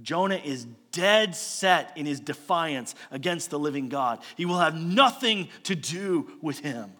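A man preaching a sermon as a storyteller, posing rhetorical questions and moving between loud emphasis and quiet asides. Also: fairly high pitch, expressive, measured pace. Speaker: pastor. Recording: long hall reverb.

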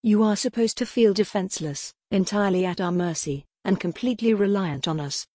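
A woman's voice: medium pitch, a little fast, mellow, dry recording, clean studio sound, natural voice. A woman voicing a blunt, stern man who leads an initiation rite in an audiobook reading. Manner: blunt, clipped. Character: curt, stern male ritual leader.

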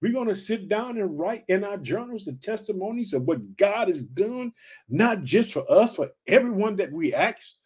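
A man with a high voice preaches an excited motivational sermon on his podcast. He keeps calling out to his listeners and repeats his rallying lines. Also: moderate pace, husky. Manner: excited, repetitive call-outs to listeners.

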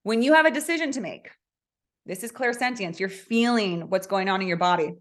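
Woman host, chatty spiritual coach voice, animated and conversational. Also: medium pitch, fairly quick. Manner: chatty, animated, asks listeners questions. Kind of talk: casual spiritual coaching talk.

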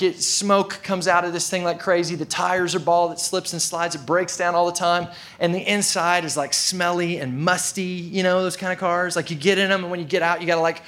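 A man's voice: high-pitched, a bit bright. A male preacher telling a story in a casual, conversational sermon, with frequent filler words.

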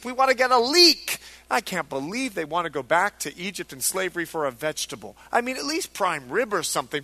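A man's voice: high voice, bright, forceful tone. A male pastor preaching a sermon with emphatic delivery, acting out biblical figures in quoted lines.

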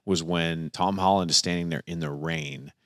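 A middle-aged man co-hosting a casual movie chat, animated, laughing easily, with stumbling restarts. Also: low voice, normal speed, no room sound, clean studio sound. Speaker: podcast co-host.

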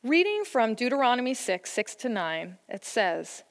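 Her voice sits a little high and swings widely in pitch as this church speaker on family faith preaches about parenting, blending scripture with stories from her own life. The tone is earnest and encouraging, the pace moderate, with barely a pause. A long reverb from the hall colors the recording.

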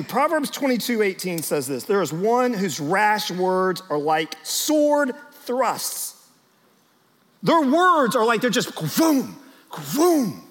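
A male pastor preaching to a big crowd, his voice high and swinging widely as he tells stories. He speaks straight to the people in front of him. The sound rings out with the long reverb of a large church hall. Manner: animated storytelling, talks straight to the crowd. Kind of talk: sermon to church leaders.

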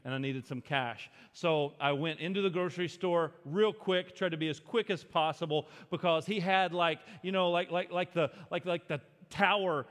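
Man, pastor, sermon, chatty storytelling, fillers, fairly high voice, long church-hall reverb. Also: fairly bright tone. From Arkansas, US. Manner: conversational, self-deprecating storyteller with frequent fillers.

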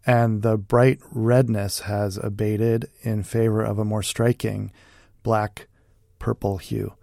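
A man hosting a comedy show, reading a mock ad and steering the bit in a dry, deadpan way. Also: lowish voice, takes it slowly, creaky, dry recording. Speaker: comedy podcast host. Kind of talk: mock-earnest ad read and hosting.

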